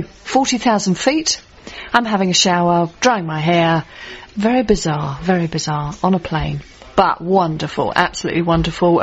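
Bubbly woman reporter, lo-fi sound. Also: on the low side. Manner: bubbly, enthusiastic, exaggerated. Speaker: roaming reporter. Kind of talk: upbeat recorded travel report.

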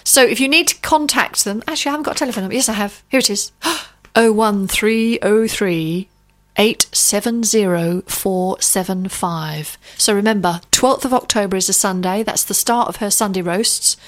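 A woman co-hosting a radio show, chatting casually with lots of ums and quick laughs. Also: medium pitch. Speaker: radio co-host.

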